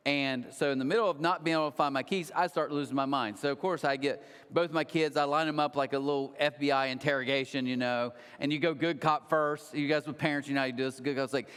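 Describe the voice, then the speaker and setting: A man in his thirties preaching a sermon, telling stories with lively acted-out quotes. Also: medium pitch, fast, few pauses, clear, resonant tone. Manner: animated storytelling with acted-out quotes. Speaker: pastor. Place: large church hall. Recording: long hall reverb.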